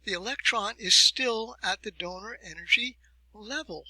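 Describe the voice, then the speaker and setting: A man giving a recorded university lecture, explaining step by step with deliberate emphasis and rhetorical questions. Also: sits high, bright, forceful tone, no room sound, low-quality recording.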